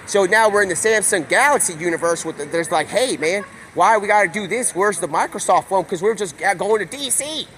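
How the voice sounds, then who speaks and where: A man streaming live, telling a rambling, improvised stream-of-consciousness story and slipping into quick quoted voices. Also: high-pitched, expressive, fairly bright tone, slight background noise.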